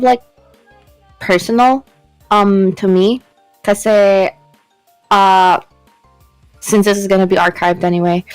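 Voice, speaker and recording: A woman's voice: mid-range voice, no room sound, low-quality recording. A young Filipino woman talks with a co-host on a stream, in casual chat that switches between English and Tagalog. She stumbles, repeats words and breaks off, with a dry, close sound and faint music underneath. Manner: halting, repeats words, emotional.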